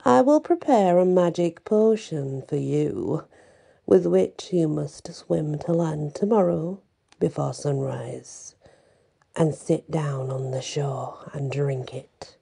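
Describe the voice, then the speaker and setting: A woman's voice: low voice, takes it slowly, vocal fry, dark tone, slightly rough, exaggerated voice. A woman voicing a scheming old sea witch, menacing and partly whispered.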